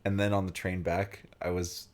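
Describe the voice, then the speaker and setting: A man's voice: sits low, little pitch movement, normal speed, darkish tone. A young man from Virginia hosting a let's play, chatting casually and rambling with lots of "like" and "um". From Virginia, USA. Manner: rambling, full of "like" and "um". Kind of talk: casual chat while playing a game.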